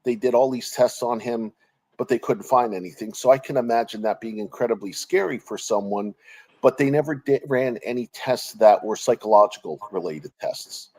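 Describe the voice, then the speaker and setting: A man's voice: medium pitch, normal speed, a little mellow, rough recording. A man in his forties speaks over a remote call connection. He sounds earnest and openly emotional, often restarting sentences and letting phrases trail off. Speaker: guest. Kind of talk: personal interview over a call.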